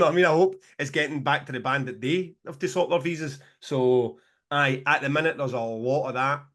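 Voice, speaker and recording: Animated Scottish man, higher voice. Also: a little fast. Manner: animated, sweary, laughing storyteller. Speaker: podcast co-host, promoter. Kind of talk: casual podcast chat.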